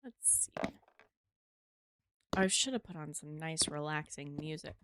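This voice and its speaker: A woman's voice: sits low, animated, a little slow, background noise. A woman streaming a game live, chatting casually to her viewers, swearing freely and talking to herself as she plays.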